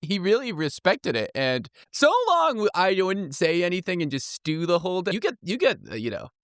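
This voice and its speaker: A man co-hosting a podcast, telling a story in casual chat with a loud voice and frequent laughter. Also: sits high, big pitch swings, brisk, no echo, studio quality. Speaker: podcast co-host.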